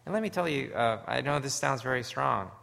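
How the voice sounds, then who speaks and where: A man from Canada preaching a sermon, earnest and story-driven, swinging from hushed, low moments to loud, emphatic ones. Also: lively intonation, brisk, vocal fry. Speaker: pastor.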